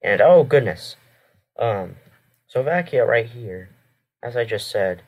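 A man's voice: mid-range voice, lively intonation, takes it slowly. A man casually commenting over a history video, hesitant and rambling, correcting himself often. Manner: hesitant, rambling with many fillers and self-corrections. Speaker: reaction video host.

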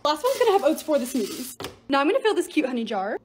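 A bubbly young woman narrates her vlog in a high, lively voice that leaps up and down. She talks quickly and chattily. A faint hiss sits under the recording. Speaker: lifestyle creator.

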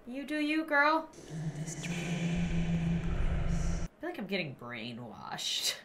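A woman's voice: a little high, wildly swooping pitch, slow pace. A young woman commentating a game she is playing at home, jumpy and exclaiming as she talks to viewers through a desk mic. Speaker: gaming video host. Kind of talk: let's play commentary. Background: game music.

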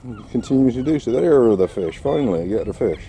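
A man's voice: mid-range voice, very animated, fast, creaky, warm tone, a little hiss or hum. A man giving casual vlog commentary outdoors while walking his dog, full of wry, sarcastic asides. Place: outdoors on a seaside quay.

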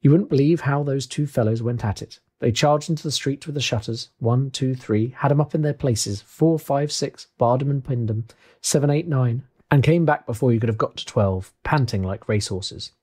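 A man narrates a classic tale as an audiobook in a measured, expressive way. His voice is mellow and slightly husky. He sits at a middling pitch. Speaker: audiobook reader.

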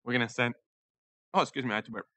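A young man giving casual, excitable commentary over a racing game, joking and giggling as he drives. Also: medium pitch, rapid-fire. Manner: excitable, giggly, jokey running chatter. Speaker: gaming YouTuber.

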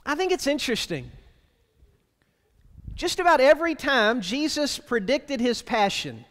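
A man's voice: extremely high pitch, a bit bright, big-room sound. A man preaching a sermon as pastor, plainspoken and wry, speaking to the congregation in a conversational way and asking them rhetorical questions. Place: church sanctuary.

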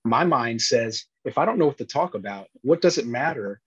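A podcast guest who is an actor and former police officer talks about his acting experience in a relaxed, casual interview. His breathy, husky, mid-range voice moves at normal speed as he rambles earnestly and often restarts sentences. The audio is dull and muffled, with no room sound or echo.

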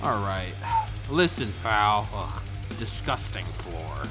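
A man voicing a gruff tough guy who confronts his neighbor in a video game, in a deep growly voice. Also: very animated, takes it slowly, music in the background.

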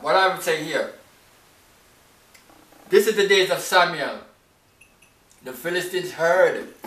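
A male preacher delivering an emphatic sermon full of rhetorical questions and sudden leaps in pitch. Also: a bit bright. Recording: echoey room, mic at a distance.

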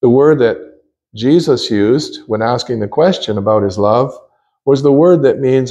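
Earnest mellow-voiced man preaching. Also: medium pitch. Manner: earnest, emphatic preaching with slow stressed phrases. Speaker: visiting conference preacher. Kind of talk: sermon. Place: church chapel.

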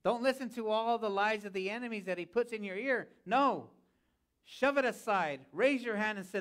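High-voiced man preaching a sermon. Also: moderate pace, fairly bright tone. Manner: preaching with repeated calls of "Amen?" to the congregation. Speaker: pastor. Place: church sanctuary.

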